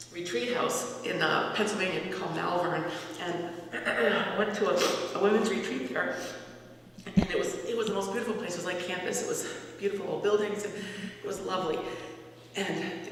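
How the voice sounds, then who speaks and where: A woman's voice: lowish voice, a little hiss or hum. Woman testifying in an echoey hall. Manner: earnest, conversational, with frequent restarts. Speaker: campus minister giving a retreat talk. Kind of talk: personal testimony storytelling. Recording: echoey hall recording from far off.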